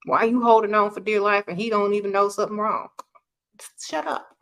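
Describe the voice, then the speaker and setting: A woman's voice: medium pitch, flat delivery, quick pace, a bit bright. A woman giving blunt relationship advice, scolding her listeners and mocking them. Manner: brash, scolding, mocks others in a whiny voice.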